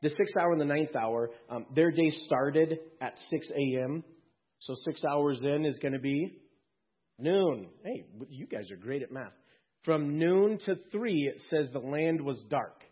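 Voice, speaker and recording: Husky-voiced man preaching an Easter sermon. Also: fairly high pitch, animated, unhurried, highs cut off. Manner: conversational preaching with quips to the congregation. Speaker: pastor.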